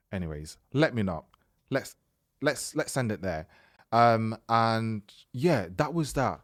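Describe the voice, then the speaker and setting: Male podcast host, lowish voice, casual animated storyteller who acts out the dialogue. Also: slow. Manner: animated, retells events by acting out quoted dialogue.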